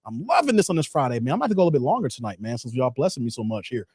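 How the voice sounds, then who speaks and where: A man hosting a livestream, reacting to a clip with laughing, animated commentary and thanking viewers for donations. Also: mid-range voice, racing, breathy edge, no echo, clean studio sound. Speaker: channel host reacting to a clip.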